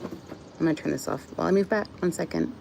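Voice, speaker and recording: A woman's voice: sits low, fast, gravelly, darkish tone, a little hiss or hum, rough recording. A woman reading her own book aloud outdoors into a phone, emotional and close to tears, with personal asides. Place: outdoors in the sun.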